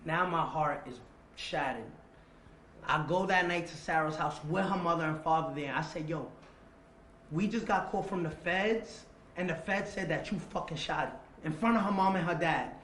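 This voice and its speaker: A man telling a long personal story in an interview. He repeats phrases, acts out remembered dialogue and drops to a low, quiet voice for the tense parts. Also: moderate pace, a little hiss or hum. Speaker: interview guest. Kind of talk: casual storytelling. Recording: roomy echo.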